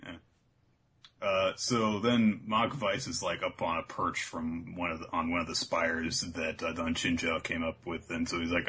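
Man, husky, low-pitched, bright, animated, casual recap, rambling. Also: a little slow. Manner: rambling, laughs often, slips into voices. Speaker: podcast co-host. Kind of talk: casual anime episode recap.

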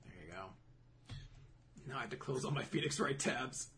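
A young man co-hosts a casual manga recap podcast, swearing freely and voicing the characters' lines as he summarizes. His medium-pitched voice is expressive and fairly bright, at a moderate pace. Slight background noise is present.

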